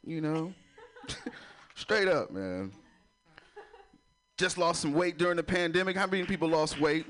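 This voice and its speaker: A man's voice: a little high, lively intonation, unhurried, long pauses, fairly bright tone. A man doing a crude stand-up comedy set, laughing at his own jokes and talking in a loose, chatty way. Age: adult with a son. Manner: loose, chatty, keeps asking "you know".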